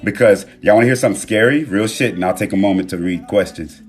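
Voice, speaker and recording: A man hosting a live stream from his phone, talking in a relaxed, reflective way with loose slang and pausing to read viewer comments. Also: lowish voice. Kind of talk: casual live-stream talk. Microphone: phone mic.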